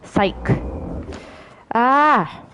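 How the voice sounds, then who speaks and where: Excitable London woman streaming a game. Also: on the high side, extremely slow, smooth. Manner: chatty, excitable, yelps and swears at the game. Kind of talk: live gameplay commentary.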